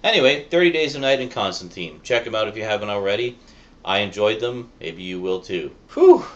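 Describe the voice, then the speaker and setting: A man's voice: fairly low pitch, lively intonation, fairly quick, a bit bright. A man giving a chatty, rambling spoken review, full of fillers and little laughs, his voice cracking at times. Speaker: Blu-ray reviewer. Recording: dull lo-fi sound, faint noise.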